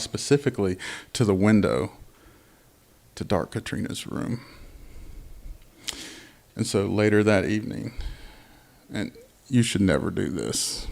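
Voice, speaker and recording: A gravelly, low-voiced man spins a live folk horror tale. He drops to hushed whispers for suspense and swells loud for the action beats. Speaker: storyteller. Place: live festival stage.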